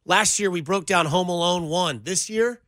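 A man hosting a sports radio show, talking in an energetic, playful banter. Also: high voice, normal speed, no room sound, clean studio sound.

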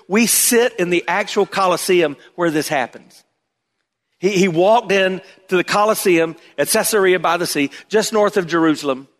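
A man delivers a sermon as pastor, his voice sitting a little high for a man. He swings dramatically between loud, emphatic bursts and hushed, low asides. The sound rings out with long reverb, as in a large church sanctuary.

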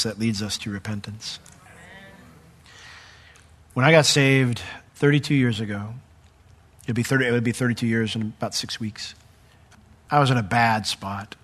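A middle-aged male pastor preaching a sermon, animated when retelling a story and hushed when sharing his own testimony. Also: mid-range voice. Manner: animated storyteller, voice jumps up when acting out the crowd; drops to a soft, hushed tone for personal testimony.

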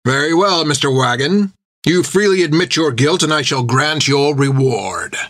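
A man voicing a smug, menacing pirate captain who speaks in a slow, metered, gloating way. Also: a little high, a bit bright, no room sound, clean studio sound, voice pushed up. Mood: cold, menacing.

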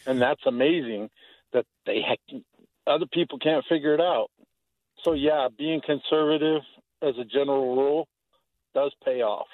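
A man's voice: medium pitch, normal speed, no echo. Blunt male caller over a phone line. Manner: blunt, sarcastic. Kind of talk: caller on talk radio.

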